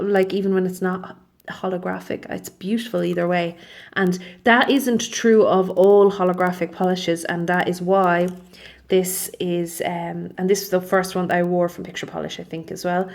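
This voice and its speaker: A woman's voice: fairly low pitch, vocal fry, darkish tone. A young woman chatting casually through a nail polish review, rambling and often correcting herself mid-sentence. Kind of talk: casual product review vlog.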